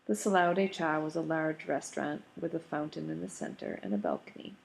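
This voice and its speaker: Low, gravelly woman narrating. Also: lively intonation, brisk, poor audio. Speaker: audiobook reader. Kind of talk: scripted narration.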